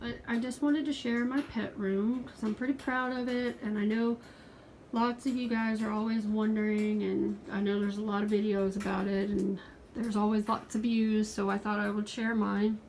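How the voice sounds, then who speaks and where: A woman's voice: mid-range voice, flat delivery, moderate pace, a little mellow, rough recording. Earnest woman in her 40s, casual home video in her pet room, kinda pleading, faint noise behind. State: out of breath. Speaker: pet vlogger.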